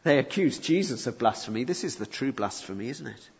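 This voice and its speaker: A man's voice: medium pitch, expressive, fairly quick, gravelly, breathy edge. A man preaching a sermon, explaining a passage verse by verse with rhetorical questions and rising emphasis. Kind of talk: expository sermon. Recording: muffled reverberant hall recording.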